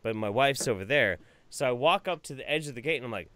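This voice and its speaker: A man hosting a podcast, telling a story in casual chat and acting out loud quotes with animated energy. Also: medium pitch, fast, no room sound, clean studio sound. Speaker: podcast host.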